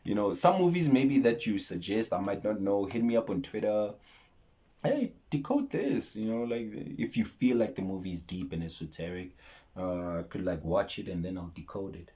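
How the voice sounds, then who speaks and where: A young South African man with a South African accent, signing off a casual film breakdown vlog in a playful way and jumping into high exclamations. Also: a little fast, dark tone.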